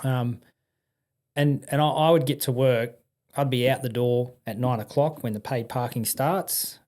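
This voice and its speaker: An Australian man, a podcast guest, telling blunt, lively anecdotes in casual conversation with frequent restarts and slang. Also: medium pitch, unhurried.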